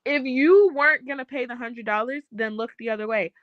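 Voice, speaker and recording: A woman's voice: on the high side, fairly quick, dry recording, dull audio. A young woman co-hosting a casual chat, blunt, profane and joking. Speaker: podcast co-host.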